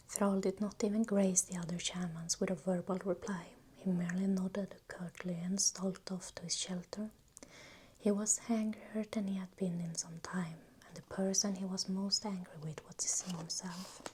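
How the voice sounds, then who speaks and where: Whispered role-play: woman reader, close mic, dark mellow whisper, faint hiss underneath. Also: mid-range voice, fairly even intonation. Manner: soft, unhurried reading. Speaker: ASMR reader. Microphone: new microphone, close.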